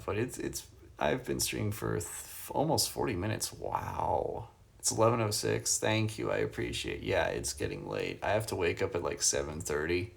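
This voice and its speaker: Deep and creaky, a man's voice carries a casual phone livestream from a hotel room. He's relaxed, reading out questions from the chat and chuckling a lot.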